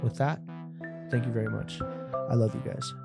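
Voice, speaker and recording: A man's voice: medium pitch, fairly even intonation, normal speed, vocal fry, over loud music. A young adult man hosting a comedy podcast, riffing in a profane, rambling monologue that acts out imagined scenes.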